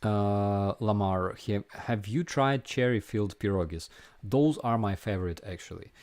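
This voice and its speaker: A young man with a Ukrainian accent hosting a casual live stream Q&A, answering viewer questions in a halting way with many fillers and restarts. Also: on the low side, a little mellow.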